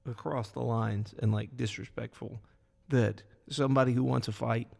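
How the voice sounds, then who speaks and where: A man co-hosting a casual podcast chat, talking in a rambling, animated way with lots of fillers. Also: medium pitch, moderate pace, gravelly. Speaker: podcast co-host. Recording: echoey room with long reverb.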